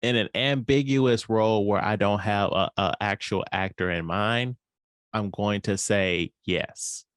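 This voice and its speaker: Deep-voiced man in relaxed chat. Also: a little slow, no echo, clean studio sound. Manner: relaxed, playful, acts out quotes. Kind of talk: casual chat.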